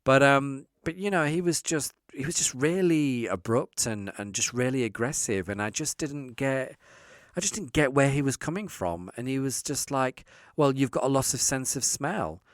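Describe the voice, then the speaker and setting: A man telling a story as an interview guest, lively and acting out the dialogue he quotes. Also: medium pitch, normal speed, dry recording, clean studio sound. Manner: animated, acts out quoted dialogue.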